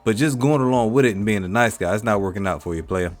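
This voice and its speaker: Indignant low-voiced man reacting to a clip. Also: fast talker, faint music behind. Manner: indignant, emphatic, talks back at the clip. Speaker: reaction channel host. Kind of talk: reaction commentary.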